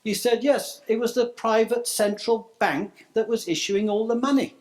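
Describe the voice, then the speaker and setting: A man's voice: very high-pitched, fairly even intonation, normal speed. A middle-aged man giving a prepared speech to a conference audience, reading through a list of proposals and then going off script with stumbles and asides. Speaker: conference speaker. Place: conference room.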